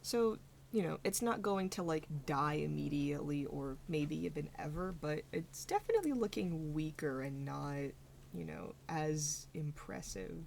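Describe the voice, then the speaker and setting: A woman's voice: low-pitched, animated, measured pace, gravelly, darkish tone, a little hiss or hum. A young woman narrating a tabletop game as game master, rambling with lots of fillers.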